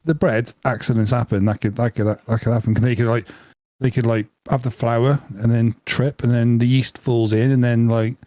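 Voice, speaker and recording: Playful male podcast co-host, mid-pitched, dry close mic. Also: flat delivery, normal speed, dark tone, no room sound. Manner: jokey, playful, laughs often. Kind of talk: casual chat.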